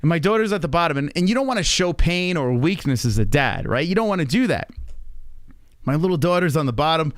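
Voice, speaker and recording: A man in his thirties hosting a live stream, telling rambling, profane anecdotes in a casual, animated way. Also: on the high side, fast, dry recording, clean studio sound. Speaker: stream host.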